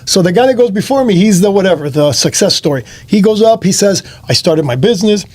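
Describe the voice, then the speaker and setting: Hosting a laid-back conversation, a fast-talking man with a high voice spins an animated story, imitating the other people in it. He's from around Miami and speaks both English and Spanish, Spanish not being his first language.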